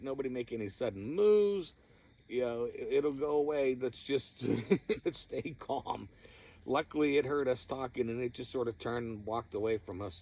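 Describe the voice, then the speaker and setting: Gravelly man telling spooky field stories. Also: slight background noise. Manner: animated, laughing, rises high when retelling shouts. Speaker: paranormal group storyteller. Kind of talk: casual storytelling.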